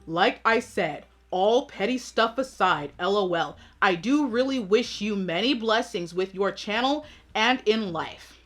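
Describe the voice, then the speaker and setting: A woman reading out the messages of a pushy, persistent man in a slow, flat, dismissive way. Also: mid-range voice.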